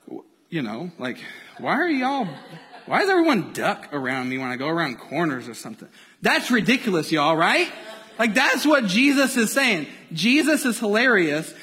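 A man preaching a sermon, animated and playful, acting out scenes in comic voices. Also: high voice, long reverb tail. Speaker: pastor.

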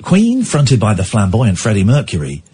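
A man's voice: fairly low pitch, wildly swooping pitch, moderate pace, warm tone, husky. A man hosting a radio phone-in, rambling and chatty, reading news items aloud with asides. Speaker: radio show host. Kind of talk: casual talk radio with listener calls.

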